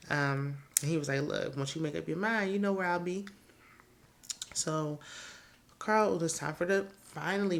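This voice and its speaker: A woman hosting a casual TV episode recap, chatty and opinionated, with laughing asides. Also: low voice. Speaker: TV recap host.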